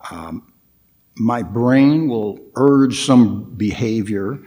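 A man giving a guest dharma talk at a Buddhist temple, speaking reflectively and haltingly, with frequent fillers and restarts, and putting questions to his listeners. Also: mid-range voice, warm tone. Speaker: guest meditation teacher.

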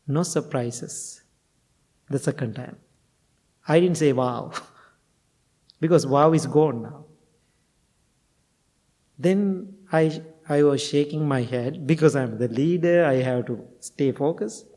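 A slightly high-pitched male voice, slow and warm, with long pauses. A Buddhist monk and meditation teacher gives a dharma talk, telling stories in non-native phrasing and often chuckling. The recording carries a long hall reverb.

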